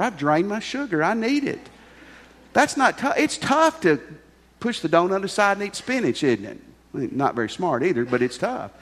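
A man preaching a sermon as pastor, animated and humorous, with emphatic delivery. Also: high-pitched, long reverb tail.

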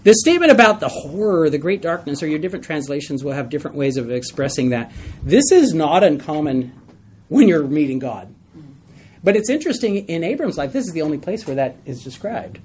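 A man's voice: on the high side, a little hiss or hum. A man teaching a Bible study in a conversational way, asking his group questions and telling stories with a laugh.

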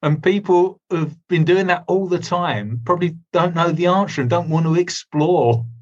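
Guy asking interview questions, husky kinda high voice, dull muffled audio. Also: moderate pace, darkish tone. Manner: short prompting remarks.

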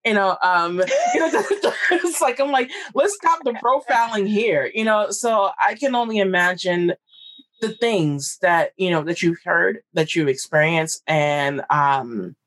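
A woman's voice: on the low side, animated, a little slow, fairly bright tone. A woman from Brooklyn hosting a podcast, talking frankly and rambling in casual conversation, often laughing. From Brooklyn, New York. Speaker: podcast host.

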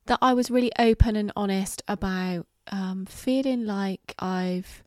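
A woman's voice: mid-range voice, dark tone, dry recording. Middle-aged woman chatting on her podcast, open and reflective, lots of ums, swears a bit, dry sound. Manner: candid and reflective, halting with fillers, some swearing. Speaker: podcast host. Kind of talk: casual solo podcast monologue.

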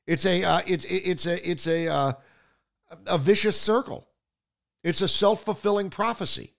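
Hosting a political talk show, this man swings from shouting to muttering under his breath as he delivers sarcastic, combative remarks. His delivery is a little slow and his voice creaky.

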